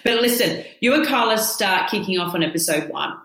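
A woman co-hosting a casual chat, telling stories in an animated way and laughing often. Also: medium pitch, a little fast. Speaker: podcast co-host. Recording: echoey room.

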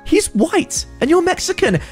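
A man doing a shrill, accusing old woman. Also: very animated, normal speed, faint music behind. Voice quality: shrill, high falsetto. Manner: accusing and hysterical.

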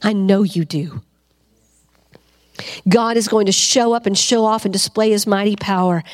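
A woman preaching a fervent sermon to a congregation, asking them questions and rising to loud cries. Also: mid-range voice, moderate pace. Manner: asks the crowd questions.

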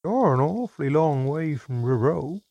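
A man voicing a shrewd old male dwarf innkeeper who talks jovially, then quietly probes. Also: a little high, lively intonation, normal speed, vocal fry, no room sound, dull audio, voice pushed up. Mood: probing.

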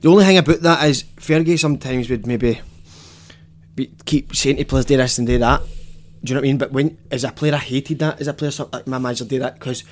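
A Scottish man, a former footballer, giving measured, reflective views in a casual football chat. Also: medium pitch.

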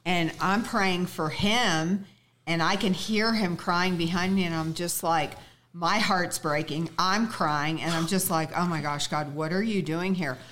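A woman, a podcast guest, sharing a personal story in a heartfelt way, quick to laugh. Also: on the low side, steady tone, a bit bright, a little hiss or hum.

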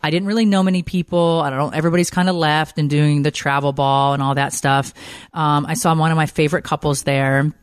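A woman's voice: deep voice, steady tone, fairly quick, clear, resonant tone, dry recording. A middle-aged woman hosting a podcast, telling rambling stories in a chatty way with lots of fillers. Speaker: podcast host. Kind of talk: casual chat.

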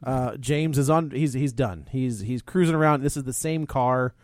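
A man's voice: mid-range voice, moderate pace, no echo, studio quality. A man chatting casually as a podcast co-host, recapping a film plot with many fillers and restarts. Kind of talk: casual movie review chat.

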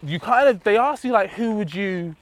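A man's voice: high-pitched, moderate pace. A man telling stories as a podcast guest, acting out the voices of the people he quotes. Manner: animated storyteller, acts out quotes. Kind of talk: casual podcast chat.

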